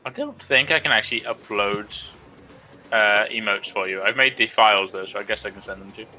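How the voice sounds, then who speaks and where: A man's voice: on the low side, fairly quick, bright, forceful tone, slight background noise. A man on a stream's voice chat, talking in a laid-back, hesitant way. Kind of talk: casual voice chat.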